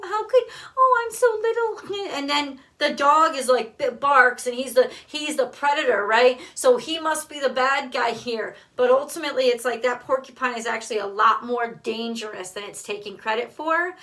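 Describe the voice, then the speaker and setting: A woman's voice: sits high, pushed and bright. A woman giving a casual tarot card reading in a blunt, emphatic way, swearing freely. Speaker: tarot reader.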